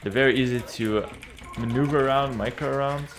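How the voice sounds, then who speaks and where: A man casually commentating his own strategy game as he plays, relaxed and confident, often repeating and slurring his words. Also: medium pitch, fairly quick, soft background music. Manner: stumbles, repeats and slurs words. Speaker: streamer playing a strategy game. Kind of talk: casual live gameplay commentary.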